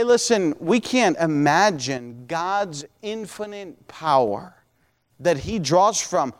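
A pastor in his forties delivers a sermon with a high-pitched man's voice. He preaches emphatically, often breaking in to urge the listeners to listen. His voice rings out with a long reverb in a church sanctuary. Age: 40s.

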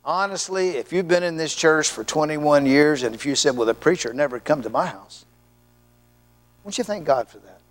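A middle-aged male pastor delivers a sermon through lively personal anecdotes. His voice sits a little high for a man, and he slips into the voices of the people in his stories. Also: moderate pace. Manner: animated storyteller, acts out voices in anecdotes. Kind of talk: sermon with storytelling.

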